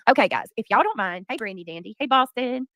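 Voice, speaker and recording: A woman's voice: fairly high pitch, animated, fast, a bit bright, no room sound, studio quality. A woman hosting a casual livestream, greeting chatters by name. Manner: greets chatters by name, breaks into bits of song. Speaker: livestream host.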